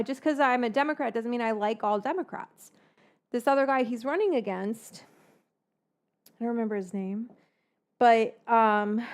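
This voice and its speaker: Her voice sits on the high side, with slight background noise in the recording. She's a cookbook author and cooking host from the Bay Area, chatting casually over the stove, rambling, outspoken and swearing as she jumps between tangents.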